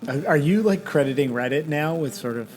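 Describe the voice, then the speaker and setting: A man's voice: fairly high pitch, expressive, fairly quick, a crowd in the background. A man co-hosting a podcast, chatting casually in a dry, sarcastic, rambling way. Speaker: podcast co-host. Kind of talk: casual chat.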